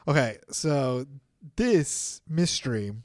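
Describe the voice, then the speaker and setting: A man's voice: mid-range voice, sing-song, slow, darkish tone, no room sound. A man co-hosting a faith podcast in a studio, chatting casually and laughing often at his own jokes. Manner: laughs often, joking banter. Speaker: podcast co-host. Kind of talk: casual chat.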